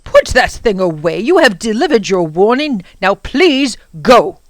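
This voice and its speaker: A woman reading a storybook aloud, voicing a wise, kind older professor who reassures the children in a lively way. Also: high-pitched, takes it slowly, dry recording, voice pushed up, exaggerated voice. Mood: stern.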